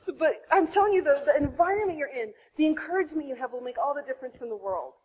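A woman in her thirties sharing her own birth story to other women, animated, acting out her past self. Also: fast talker, dull audio. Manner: animated, acts out her own past voice with big pitch jumps. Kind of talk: impassioned personal testimony.

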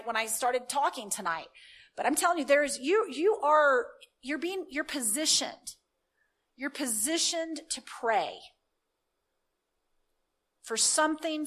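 A woman delivering a sermon with a fairly high voice. She tells stories casually, full of restarts and asides, then prays in fervent, declarative bursts. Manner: animated, conversational, breaks into fervent declarative prayer. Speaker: preacher. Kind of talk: sermon with storytelling and prayer.

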